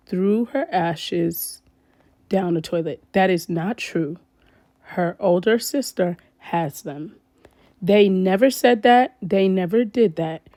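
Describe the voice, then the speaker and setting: A woman vlogger gives casual commentary straight to her viewers. She sounds animated and exclaims often, with a mid-pitched voice. The recording is dry and close, with no room sound. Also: no echo.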